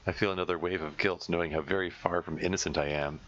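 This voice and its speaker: A man reading a visual novel aloud as a let's play narrator, in steady first-person narration with small stumbles. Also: sits low, fast, few pauses, highs cut off, a little hiss or hum.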